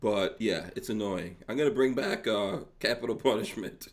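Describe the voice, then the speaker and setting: A man's voice: fairly low pitch, moderate pace, a little hiss or hum. A middle-aged man hosting a casual podcast chat, laughing often and mimicking people as he tells stories. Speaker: podcast host.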